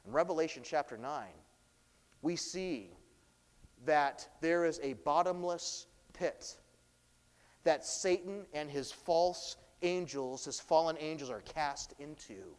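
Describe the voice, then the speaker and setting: A pastor delivering a sermon, preaching with swelling, dramatic emphasis. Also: male voice, on the high side, measured pace, a little mellow, long reverb tail.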